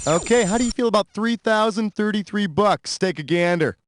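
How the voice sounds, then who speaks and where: A man's voice: high voice, brisk, noisy background. A man voicing a brash, sarcastic quiz show host in a comedy trivia game. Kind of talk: video game voice acting. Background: game music.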